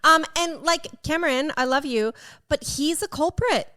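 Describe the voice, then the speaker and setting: A woman co-hosting a casual podcast chat, animated, laughing often and swearing casually. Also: high-pitched, moderate pace. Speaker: podcast co-host.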